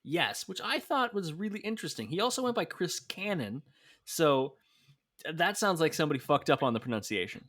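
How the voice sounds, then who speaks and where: A man's voice: on the high side, a little fast, dry recording, clean studio sound. A man co-hosting a wrestling podcast in casual chat, talking, laughing and teasing his friend. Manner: chatty, laughing, lively teasing. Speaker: podcast co-host.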